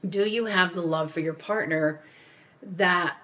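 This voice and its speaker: In a muffled recording, a woman with a lowish, pushed and bright voice speaks a little slowly. She hosts her own podcast, dispensing earnest, casual life advice, repeating points and often acting out what others say.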